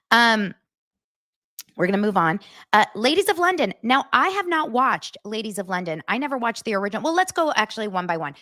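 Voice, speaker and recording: A woman hosting a podcast in blunt, animated, self-deprecating casual chat. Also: mid-range voice, dry recording, clean studio sound. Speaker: podcast host.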